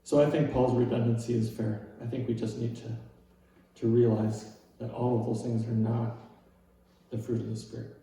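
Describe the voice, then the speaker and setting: Man preaching a relaxed sermon. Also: mid-range voice, moderate pace, heavy reverb, recorded from a distance, poor audio. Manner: casual and self-deprecating, with frequent "right?" asides. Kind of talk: conversational sermon.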